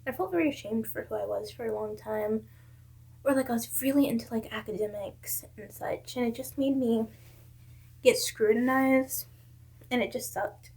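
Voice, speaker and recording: A woman's voice: on the high side, normal speed, gravelly, a little mellow, husky. A young woman from South Carolina, a vlogger talking to her camera, giving candid and earnest advice from her own life. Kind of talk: casual advice talk to camera.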